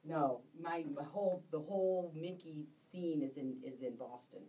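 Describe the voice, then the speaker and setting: A woman's voice: low voice, normal speed, warm tone, distant mic, low-quality recording. A woman hosting a casual live stream, chatting and greeting viewers by name in a bubbly way.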